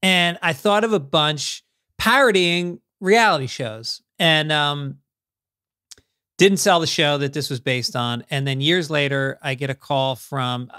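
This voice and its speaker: A man's voice: fairly high pitch, a little slow, bright, forceful tone, clean tone, no echo. Male comedian guest, dry close mic. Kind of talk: casual chat.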